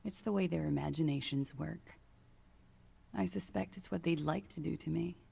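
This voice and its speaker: An actress voicing a weary, guarded young woman in a video game, speaking in a low-key, tired manner. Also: normal speed, creaky, warm tone, husky, exaggerated voice. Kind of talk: game character voice acting.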